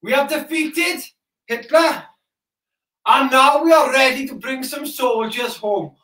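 Slow-paced and very high-pitched, a Welsh man plays a soldier while hosting a live kids' broadcast, shouting excitedly and chatting with viewers in a room full of echo.

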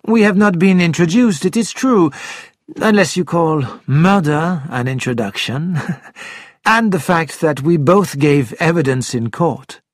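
A man's voice: a little high, unhurried, no room sound, studio quality. A man reading as a charming young Frenchman. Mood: polite teasing. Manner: polite, formal, teasing.

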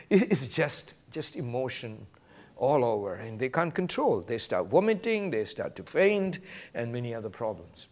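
A man preaching a sermon as pastor, quoting scripture and acting out short exchanges with animated delivery. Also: mid-range voice, normal speed.

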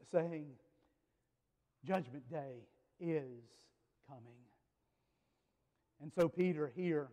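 Pastor, male, high voice, chatty sermon delivery, lots of restarts, live church reverb. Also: a little mellow. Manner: conversational, repeats words and restarts, speaks directly to the congregation. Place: church sanctuary.

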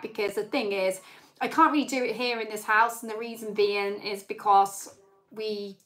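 A woman's voice: medium pitch, a bit bright. A young woman hosting a live Q&A, chatting in a rambling way with lots of fillers. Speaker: channel host. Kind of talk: live-stream Q&A chat.

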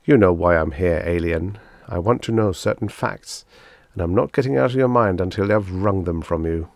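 A man's voice: sits low, moderate pace, dry recording, clean studio sound. A man voicing a determined human man who fights doggedly. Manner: dogged, forceful.

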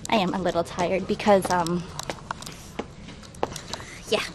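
Speaking slowly in a fairly low voice with fairly even intonation, a travel livestreamer climbs outdoor stairs out of breath and talks through a face mask. She's chatty and self-deprecating, greeting viewers by name and reading their chat aloud, with background noise from the outdoor setting.

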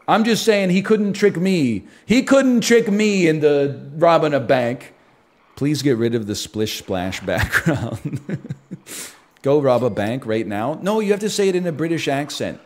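A man streaming, chatting casually and telling stories in a rambling, animated way with many asides. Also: fairly high pitch, normal speed.

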